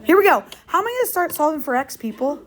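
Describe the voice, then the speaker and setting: A woman teaching a math class, upbeat and quick, calling out questions to her students. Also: high voice, sing-song, a little hiss or hum. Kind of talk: classroom lesson.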